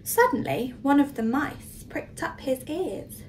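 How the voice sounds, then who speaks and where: Expressive high-voiced woman teacher. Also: unhurried, far from the mic, low-quality recording. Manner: expressive, questioning the children. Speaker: nursery teacher. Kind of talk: storybook read-aloud for young children.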